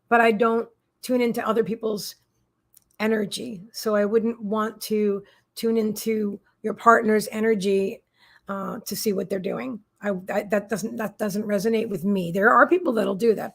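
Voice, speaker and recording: A woman's voice: on the high side, creaky. A woman hosting a live psychic reading stream, chatting casually and effusively, repeating her thanks and greetings, with frequent restarts and fillers. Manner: halting restarts and many fillers.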